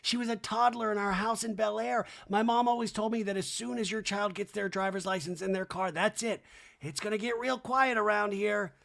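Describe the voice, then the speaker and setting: A man's voice: high voice, fairly even intonation, fairly quick, vocal fry, fairly bright tone, pitched above the performer's own voice. A man voicing a sentimental mother who gushes about her youngest growing up. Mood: wistful. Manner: wistful, gushing. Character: sentimental mother of teenage daughters.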